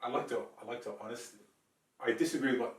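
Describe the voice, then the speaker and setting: This man speaks at a medium pitch and a quick pace as a co-host on a casual podcast. Swearing freely, he tells an animated story and performs everyone's quoted lines himself, picked up by a somewhat distant mic in a roomy space.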